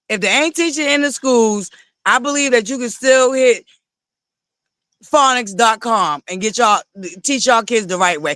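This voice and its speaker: Livestream host, male, very high and bright, sassy and profane, animated casual commentary. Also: clear, resonant tone, dry recording. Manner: animated, sassy, swearing often, given to laughing and digressing. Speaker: livestream host reviewing reality TV.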